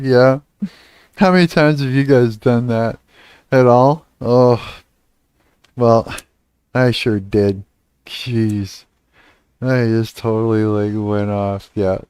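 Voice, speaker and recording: A man's voice: medium pitch, clean tone, no echo, clean studio sound. A man in his thirties from Canada, chatting casually on a livestream, rambling and swearing, trailing off and laughing often.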